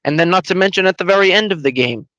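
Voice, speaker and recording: A man with a fairly high voice launches into a heated rant, stacking complaint on complaint and swearing as he goes. The sound is dry and close, with no room around it. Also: fast, a bit bright, dry recording, muffled recording. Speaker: podcast co-host. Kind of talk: casual sports rant.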